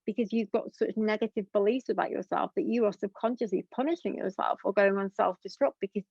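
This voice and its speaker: A woman's voice: medium pitch, fairly quick, creaky, a little mellow, slightly rough, dry recording. A young woman, speaking candidly as an interview guest in an earnest, rambling way full of fillers. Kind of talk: candid conversation. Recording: dull lo-fi dry recording.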